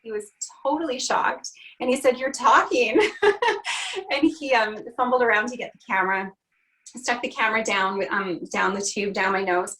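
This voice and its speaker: A woman's voice: medium pitch, steady tone, a little fast, bright, forceful tone, slight background noise, low-quality recording. A woman, a country singer, earnestly telling a personal story in an interview, with many "you know"s and "um"s. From Canada. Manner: earnest, heartfelt retelling with frequent "you know" and "um".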